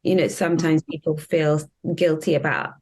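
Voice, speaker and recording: Woman interviewer, slow and halting, low gravelly voice. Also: steady tone, darkish tone. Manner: slow, halting, thoughtful questions. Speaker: interviewer, host. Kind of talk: conversational interview.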